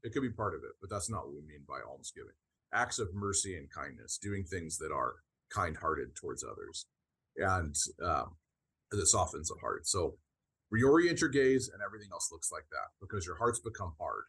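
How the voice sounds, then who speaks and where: A man co-hosting a podcast, explaining theology in an earnest, halting way with many restarts. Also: low voice, lively intonation, creaky, fairly bright tone, breathy edge. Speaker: podcast co-host. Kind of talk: conversational teaching on theology.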